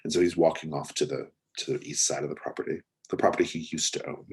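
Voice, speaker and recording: A man running a tabletop mystery game as game master, with a very deep, husky voice. He narrates in a relaxed, hesitant way, leaning on fillers as he goes. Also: fast.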